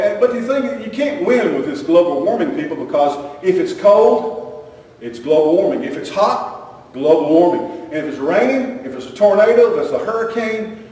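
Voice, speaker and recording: A man's voice: high-pitched, darkish tone. A male pastor preaching a sermon in a folksy, rambling way, repeating his phrases and chuckling between points. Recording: echoey hall, mic far off.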